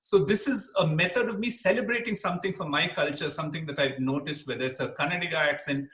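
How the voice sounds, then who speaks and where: A middle-aged man from Kerala, speaking as an interview guest in an earnest, animated way and laughing easily. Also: a little high, quick pace. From Kerala, India. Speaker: interview guest, dermatologist and comedian. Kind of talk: reflective interview talk. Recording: echoey room.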